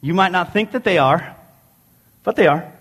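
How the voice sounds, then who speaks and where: A man preaching a sermon in an animated, joking storytelling way. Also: high voice, moderate pace, breathy edge. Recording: long hall reverb.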